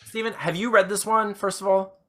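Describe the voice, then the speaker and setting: This comedy podcast co-host talks briskly in a high, steady, slightly bright voice. He chats casually, rambling and giggling, and restarts his sentences a lot.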